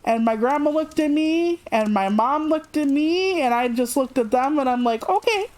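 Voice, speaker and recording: High-voiced chatty woman telling a story. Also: normal speed. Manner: chatty, animated, acts out quotes with raised pitch. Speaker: streamer. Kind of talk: casual storytelling on a live stream.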